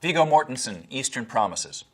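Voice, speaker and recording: A man's voice: mid-range voice, lively intonation, normal speed, music in the background. A man working as an accent and dialect coach, giving frank, analytical commentary on film clips. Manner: analytical, frank, plainly critical.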